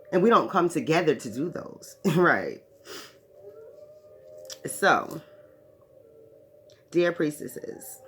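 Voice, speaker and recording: A woman's voice: low voice, slight background noise. A woman teaching spiritual ideas to her followers in a profane, emphatic monologue, often checking in with "right". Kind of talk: preaching monologue.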